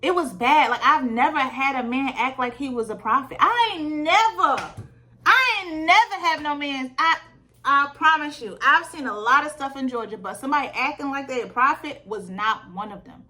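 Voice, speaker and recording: Woman vlogging a dating storytime, bright higher voice, chatty and candid. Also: moderate pace. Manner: animated, candid, lots of fillers. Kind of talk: casual storytime vlog. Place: Georgia.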